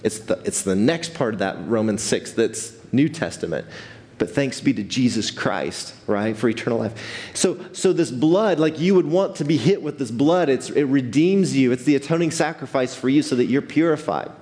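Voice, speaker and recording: A man preaching a sermon as pastor, animated and conversational with frequent restarts. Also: mid-range voice, normal speed. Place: church sanctuary. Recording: long hall reverb.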